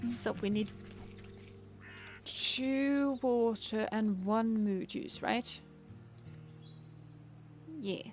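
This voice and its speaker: A woman's voice: on the high side, a little mellow. A woman streamer giving casual let's-play commentary, thinking aloud in a playful way and chatting with her viewers. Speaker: VTuber streamer.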